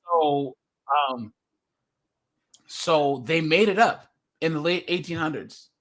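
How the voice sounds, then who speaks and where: A man's voice: a little high, slow pace, a bit bright. A man with a West Coast American accent hosting a livestream, chatting casually and animatedly, laughing and mimicking voices. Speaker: livestream host. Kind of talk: casual chat.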